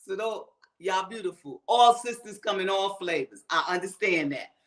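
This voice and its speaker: Speaking at a normal speed with an expressive, mid-range voice, this US show host addresses her viewers directly. Her commentary is a fired-up, profane rant.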